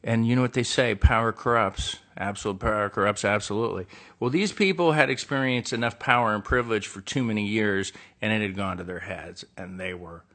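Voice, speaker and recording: Man, middle-aged, low-ish bright voice, casual rambling storytelling, candid, many fillers. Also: a little fast. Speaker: actor doing a live stream.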